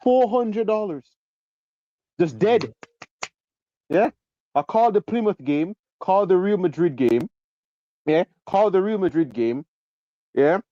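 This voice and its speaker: A man's voice: high voice, expressive, measured pace, pauses often, highs cut off. A man calling in to a football stream and ranting about a lost bet, hammering each point with a repeated "yeah?".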